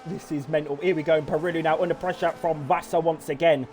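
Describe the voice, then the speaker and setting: A man giving excitable, swear-filled live commentary on a sim race, often laughing in disbelief. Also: fairly high pitch, fast talker, a little hiss or hum.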